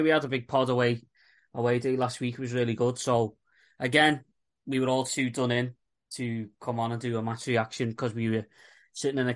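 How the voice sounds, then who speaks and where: A man hosts a casual football podcast, talking bluntly and swearing freely. His voice sits at an ordinary middle pitch. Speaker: podcast host.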